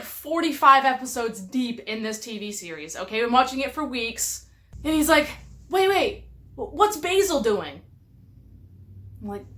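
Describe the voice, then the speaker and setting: A woman's voice: high voice, fairly bright tone. A woman telling stories casually to camera, chatty and exasperated, with lots of "like". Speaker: vlogger.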